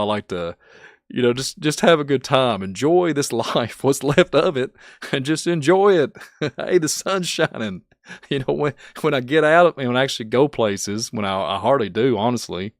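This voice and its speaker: A man with a Kentucky accent, hosting his channel and chatting casually, rambling and chuckling often, turning soft and emotional. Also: medium pitch, dry recording, studio quality. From Kentucky, USA. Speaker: channel host. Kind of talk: casual thank-you vlog chat.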